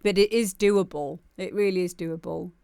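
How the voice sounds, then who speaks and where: A woman's voice: on the low side, fairly even intonation, normal speed, creaky, a little mellow, clean tone, no echo, studio quality. A woman hosting a live music demo show, chatting casually and laughing often. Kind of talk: casual live-stream chat.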